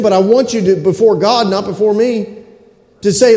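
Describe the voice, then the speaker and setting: A middle-aged male pastor preaches a sermon in a church sanctuary, speaking with a high-pitched, mellow voice at a moderate pace. He is emphatic and repetitive, often asking the congregation to respond, and the recording has echoey hall reverb.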